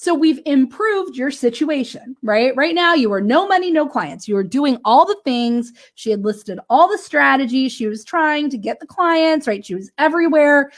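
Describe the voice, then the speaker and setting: A woman business coach telling a client story in a casual motivational talk, animated and laughing often, checking in with "right?". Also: high-pitched, moderate pace, hardly any pauses.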